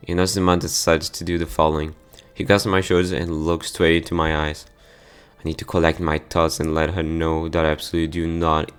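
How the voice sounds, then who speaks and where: His voice is extremely low, clear, and resonant as he reads a visual novel aloud for his gameplay channel. The reading is plain overall, broken by occasional stumbles over words and sudden outbursts.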